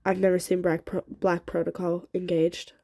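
A stern young soldier who talks in grim, clipped lines, as a woman reader voices him. The tone is mellow and soft, recorded close and dry. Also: fairly low pitch, level tone, normal speed, dry recording. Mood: gruff.

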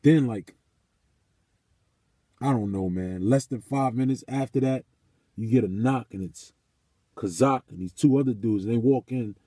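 A man's voice: medium pitch, unhurried, long pauses, dark tone, husky, no room sound. A man telling a story in a casual vlog and turning it into a sermon, cursing often and repeating phrases for emphasis. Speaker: vlogger.

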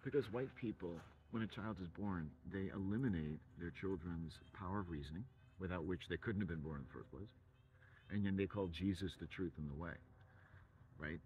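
A man's voice: low voice, moderate pace, muffled recording, slight background noise. A man from England, rambling through a profane, provocative monologue full of wordplay.

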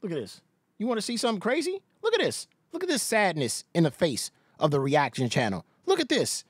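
Stream host, incredulous mocking rant, very animated delivery, dry close mic. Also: medium pitch, a little fast, husky, no room sound. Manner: mocking, laughing often, incredulous. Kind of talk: ranting reaction-stream commentary.

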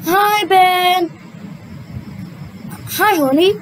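A young adult woman, a native Vietnamese speaker, reading a children's cartoon story aloud in a sing-song, drawn-out way and switching between character voices. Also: very high-pitched, lively intonation, slight background noise, poor audio. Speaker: storyteller voicing a cartoon retelling.

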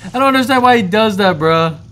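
A young man giving excitable let's-play commentary, swearing, laughing and talking back to the game as he plays. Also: sits high, fairly quick. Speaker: gamer playing through a video game.

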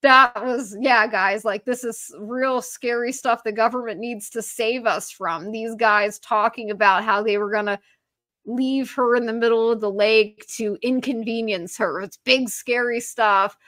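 A woman, a journalist guest on a podcast interview, talking in an animated, sarcastic way with many fillers. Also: on the high side, a little slow, dry recording, clean studio sound.

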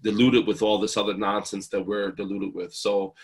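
A man's voice: on the low side, flat delivery, moderate pace. A man in his thirties from New Jersey, a guest speaker telling heartfelt, earnest stories about family. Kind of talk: emotional storytelling.

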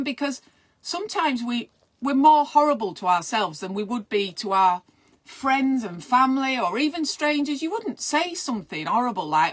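A woman's voice: fairly high pitch, a bit bright. A middle-aged woman, chatting casually and rambling on a live stream as a midwife host, encouraging her viewers.

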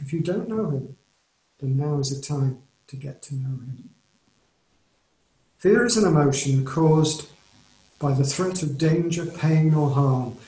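A man with an English accent preaching a sermon in an earnest, measured way, leaning on key phrases. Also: a little high, darkish tone. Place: church or home, recorded for online service. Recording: roomy echo.

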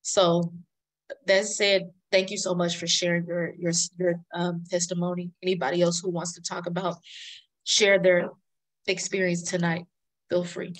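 A woman's voice: lowish voice, little pitch movement, normal speed, poor audio. Fervent woman leading live prayer. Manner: fervent, praising, repeating phrases. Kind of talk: live online prayer and Bible study.

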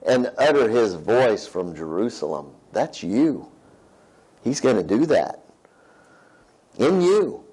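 A man's voice: mid-range voice, big pitch swings, slow, long pauses, mellow, breathy edge, rough recording. A man preaching a sermon, reading scripture aloud and checking in with his listeners in a conversational way. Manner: conversational, reads scripture aloud and asks "right?". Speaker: pastor.

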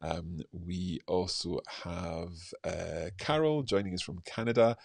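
A man's voice: low-pitched, slow, creaky, dry recording. A man hosting a live podcast stream, chatting casually and reading out listener reviews, with many fillers and restarts.

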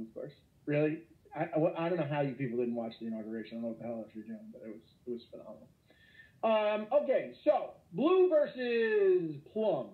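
A man teaching an online lecture, energetic and joking, with sudden exclamations. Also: fairly high pitch. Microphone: computer mic. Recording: echoey, tinny phone-like online call.

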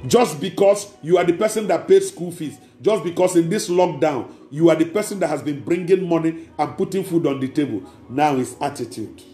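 A man's voice: a little high, moderate pace, hardly any pauses, mellow. A man preaching a sermon as pastor, emphatic and repeating key words. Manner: emphatic preaching with acted quotes. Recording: echoey room with faint music.

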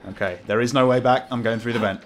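A man's voice: medium pitch, steady tone, quick pace, slight background noise. A man commentating a horror game as he plays, jumpy, swearing, laughing nervously. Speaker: gamer playing a horror game. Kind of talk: let's play commentary.

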